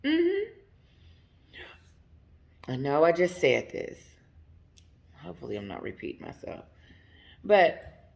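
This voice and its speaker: Woman chatting commentary to her viewers, slow and emphatic, laughs a lot, bit of fry in the voice. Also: lowish voice, huge pitch swings, a little mellow. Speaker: commentary channel host. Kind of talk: casual commentary.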